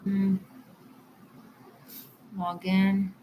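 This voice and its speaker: Woman tarot reader, live stream, chatty and apologetic, mid pitch. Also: completely flat delivery, drawn-out words, highs cut off, a little hiss or hum. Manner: chatty and apologetic, addresses viewers warmly.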